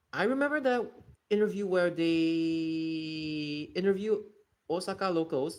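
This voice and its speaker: A man from Singapore streaming a geography game, chatting casually and ranting about how people pronounce words. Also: medium pitch. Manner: ranting, exasperated about pronunciation. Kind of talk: casual gaming commentary, reading chat.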